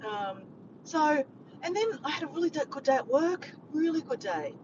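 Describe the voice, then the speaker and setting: A woman's voice: sits high, lively intonation, normal speed. A woman, chatting casually to camera in a rambling, upbeat vlog. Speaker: vlogger. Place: in a car while driving. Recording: muffled with clear road noise.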